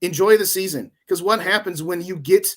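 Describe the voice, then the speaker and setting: A man's voice: high voice, moderate pace. A man in his forties co-hosting a casual sports podcast, giving long opinionated rants. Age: 40s. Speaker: podcast co-host.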